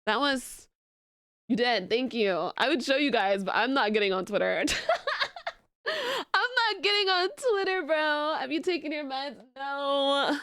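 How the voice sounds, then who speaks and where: Bubbly high-voiced young woman streamer. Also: slow, clean tone, no room sound. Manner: animated, laughing rants. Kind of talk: casual live-stream chat.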